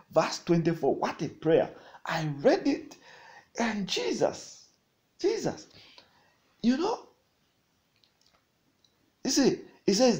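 A man preaching a sermon, swinging between loud declarations and quiet, chuckling asides. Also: on the high side.

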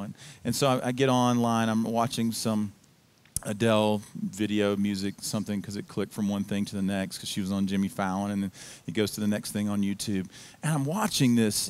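A man preaching a sermon as pastor in a church, in a casual, conversational storytelling manner. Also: medium pitch. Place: church sanctuary.

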